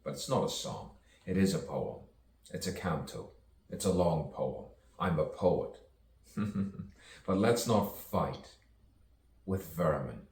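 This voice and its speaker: A man's voice: extremely low pitch, animated, slow pace, long pauses, a little mellow, a little hiss or hum. A man, a poet, rambling playfully through an improvised monologue full of rhyming wordplay and chuckles. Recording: roomy, distant mic, faint ambience.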